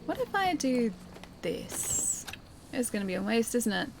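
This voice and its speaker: A woman's voice: fairly high pitch, sing-song, a little slow, vocal fry, very noisy. Playful, chatty woman streamer. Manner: playful, chatty, jokey asides. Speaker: game streamer. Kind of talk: live gameplay commentary, chatting with viewers.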